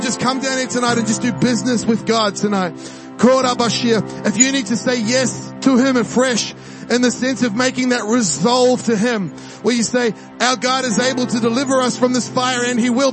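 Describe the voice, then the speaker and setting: A man from New preaching a charismatic sermon, exhorting the crowd and praying in tongues during the altar call. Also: extremely high pitch. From New Zealand. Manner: fervent, exhorting, speaks in tongues. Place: church service with music behind.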